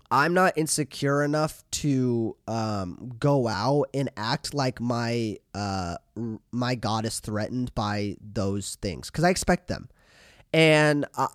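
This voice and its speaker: A man hosting a podcast, talking casually and in an animated way, with lots of fillers and restarts. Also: a little high, dry recording, studio quality. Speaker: podcast host.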